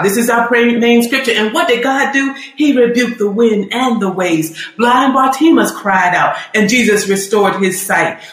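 A woman preaching a sermon, fervent and emphatic, building her points through repetition and quoting scripture. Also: mid-range voice. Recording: roomy echo.

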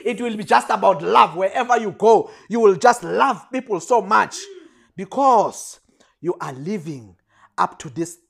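A preacher delivering a sermon, repeating refrains and swinging from quiet lines to shouted peaks. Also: medium pitch, lively intonation, unhurried, creaky, slightly rough.

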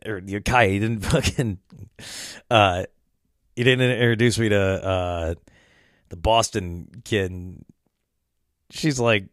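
A man's voice: lowish voice, normal speed, long pauses, no room sound, clean studio sound. A man hosting a podcast, rambling through a casual story, swearing a lot and laughing as he talks. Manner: rambling, swears often, laughs mid-sentence. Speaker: podcast host.

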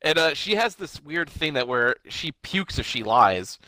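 Bright-voiced man retelling a movie plot. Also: a little high, sing-song, a little slow, dry recording. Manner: retells plot with quoted lines, swearing. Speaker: podcast co-host. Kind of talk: casual movie review chat.

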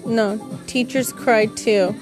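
Chatty, rambling woman podcaster with a highish voice. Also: fairly even intonation, slow, over music. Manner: rambling, chatty, swears freely, laughs at herself. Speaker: podcast host; parent. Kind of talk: casual solo podcast chat.

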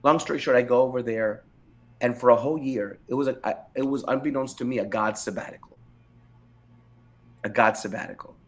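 A middle-aged man, a pastor, telling his personal testimony in a candid interview, animated and emphatic, often repeating phrases for weight. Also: mid-range voice, brisk, long pauses.

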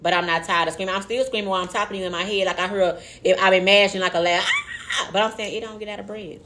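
Woman cohost on a chill podcast, mid pitch, just chatting loose and candid. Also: steady tone, very fast, a bit bright. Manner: candid, joking, trades banter and slang. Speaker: podcast co-host. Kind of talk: casual chat.

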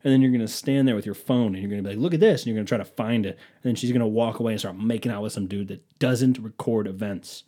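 A man's voice: fairly low pitch, steady tone, fast talker, few pauses, mellow. A young man hosting a casual comedic rant, sarcastic and profane, slipping into mocking impressions of people.

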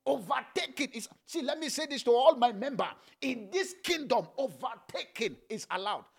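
A man's voice: extremely high pitch, lively intonation, moderate pace, vocal fry, husky. A middle-aged male pastor preaching fervently, chanting prayers and praying in tongues. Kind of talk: sermon with prayer.

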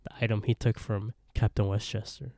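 A man's voice: on the low side, little pitch movement, brisk, darkish tone, no echo, clean studio sound. A man co-hosting a podcast, recapping an episode in a rambling, casual way and acting out the characters' lines with laughs. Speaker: podcast co-host.

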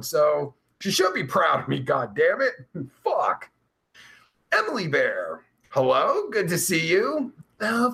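High gravelly guy ranting and cussing on his live show, swings all over. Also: a bit bright. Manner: profane, rambling, quick to laugh and rant. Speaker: live show host reading chat. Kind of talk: casual live-stream chat. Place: alone at home.

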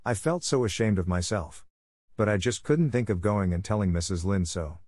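A man's voice: on the low side, normal speed, a little mellow, dry recording, studio quality, lightly acted. A man voicing an imaginative, dramatic young orphan girl who pleads earnestly and theatrically. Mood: thoughtful. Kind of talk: audiobook character reading.

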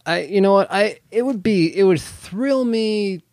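A man co-hosting a casual podcast, with a fairly high voice. He chats freely and stumbles over his words as he restarts. The sound is dry, with no room echo. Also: expressive, measured pace, a little mellow. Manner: chatty, repeats words when he restarts. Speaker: podcast co-host. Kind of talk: casual chat.

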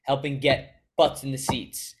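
A man's voice: medium pitch, flat delivery, slight background noise. A young man, a guest in an interview, answering earnestly and reflectively about his path in sports media. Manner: earnest, reflective, quick storytelling. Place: Chicago.

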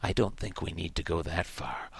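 A man's voice: low voice, normal speed, vocal fry, breathy edge, no room sound, voice pushed down, full character voice. A man reading aloud as a cruel, unhinged male wizard teacher, silky and menacing by turns and then shrieking. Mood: silky menace.

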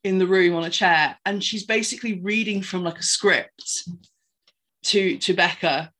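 Brief: woman, podcast co-host, animated rambling film recap, mid pitch. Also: normal speed. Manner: animated, rambling retelling with many fillers. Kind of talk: casual chat recapping a film.

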